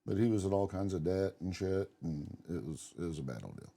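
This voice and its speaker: This middle-aged podcast co-host has a low, gravelly yet mellow voice with lively intonation and a fairly quick pace. Casual and blunt, he tells long personal stories and swears freely.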